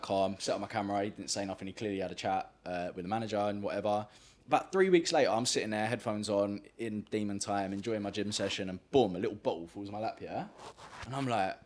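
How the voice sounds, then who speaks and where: A young man telling a story on a podcast, slangy and full of swearing. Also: lowish voice. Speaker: podcast host. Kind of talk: casual storytelling.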